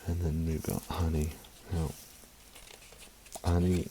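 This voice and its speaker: A man chats casually to camera as a vlogger, rambling and emotional, with frequent swearing. His voice sits low and gravelly, with a vocal-fry edge. A steady hiss of noise runs under this home recording. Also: a little slow. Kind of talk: casual chat.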